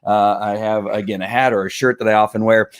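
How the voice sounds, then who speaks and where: Halting, rambling middle-aged man. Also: on the low side, steady tone, clean tone. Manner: rambling, halting, with many fillers. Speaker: show host. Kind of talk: casual live-stream monologue.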